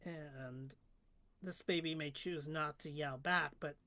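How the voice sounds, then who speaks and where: A woman speaks in an unhurried, reflective monologue, as if working out her thoughts live for her viewers. Her voice sits low for a woman, and she often lets it fall to a soft whisper. The delivery stays calm and slow throughout. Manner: slow, musing, drifts into whispers. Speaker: livestreamer.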